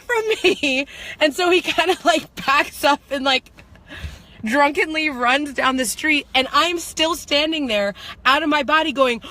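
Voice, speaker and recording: A woman telling a personal story in a vlog, animated and laughing, swinging between slow reflective lines and fast excited bursts that rise into shouts. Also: sits high. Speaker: spiritual manifestation coach.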